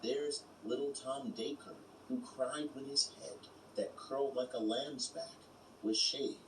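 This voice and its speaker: Guy slowly reading poems for an audiobook, roomy echo, lots of background noise. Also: mid-range voice, steady tone, far from the mic. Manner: measured, unhurried recitation. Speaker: audiobook reader. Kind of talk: slow poetry reading.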